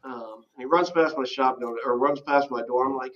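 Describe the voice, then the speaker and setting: A man being interviewed, telling a personal recovery story in a halting, earnest way with frequent throat clearing. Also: mid-range voice, fairly bright tone, lo-fi sound. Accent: Southern American. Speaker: interview guest. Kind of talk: candid personal testimony.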